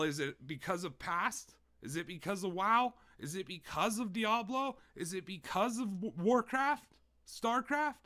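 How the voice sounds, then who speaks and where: A man's voice: sits high, sharp tone. A young man hosting a gaming channel, delivering a heated, profanity-laden rant with lots of repetition. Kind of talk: angry rant to camera.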